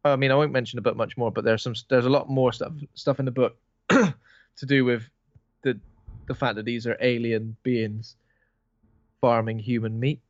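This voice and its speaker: A man's voice: medium pitch, steady tone, normal speed, no echo. Man, podcast cohost, rambling sweary film talk, dull dry recording. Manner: rambling, swears freely, acts out lines. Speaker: podcast co-host. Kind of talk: casual film chat.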